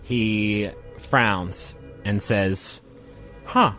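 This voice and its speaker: A man narrating a tabletop role-play game in a relaxed, conversational way. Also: lowish voice, normal speed, soft background music. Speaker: game master.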